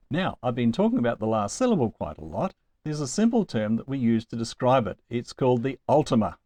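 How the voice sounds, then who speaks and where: Man teaching Greek with lively pitch. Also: no echo. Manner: slow, deliberate over example words, with chuckles. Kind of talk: recorded lecture.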